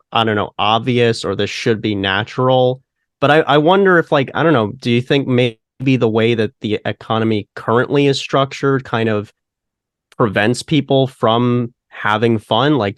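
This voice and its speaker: A man's voice: medium pitch, clean tone, dry recording. A man hosting a podcast who asks interview questions in a tentative, hedging way. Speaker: podcast host.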